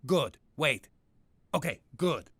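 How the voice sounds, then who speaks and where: A brash, gravelly mobster dad. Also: male voice, fairly high pitch, lively intonation, slow pace, no room sound, exaggerated voice. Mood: pleading. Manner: brash and shouty, then soft and pleading. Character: loud doting mobster dad who owns a strip club. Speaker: father.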